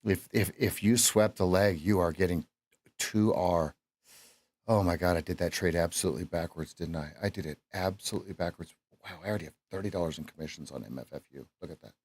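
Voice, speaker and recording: A man's voice: deep voice, fast talker, a little mellow, slightly rough. A middle-aged man coaching on a live trading stream, chatting casually and joking at his own mistakes as he trades from his home desk. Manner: chatty, self-deprecating, talks to chat and himself while trading.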